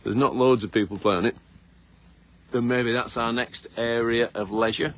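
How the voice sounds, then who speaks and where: A man's voice: medium pitch, fairly even intonation, normal speed. A middle-aged man, hosting a casual live walkabout outdoors on his farm, chatty and teasing with lots of fillers, filmed on a phone. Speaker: farmer and host. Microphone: phone camera held by someone nearby.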